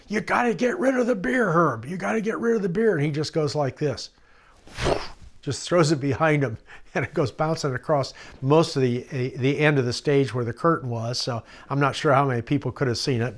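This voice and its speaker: An older man recounts his memories in a documentary interview, voice neither high nor low. He rambles a little, chuckles often and acts out the people in his stories, and at times his voice sounds quieter, as if farther from the mic. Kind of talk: storytelling anecdotes.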